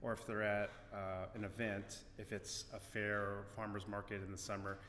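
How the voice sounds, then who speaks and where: Male podcast interviewer, loose wandering questions; deeper voice, faint room hum. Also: little pitch movement, moderate pace, fairly bright tone. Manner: long rambling multi-part questions. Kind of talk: casual interview. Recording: roomy echo, long reverb, faint ambient noise.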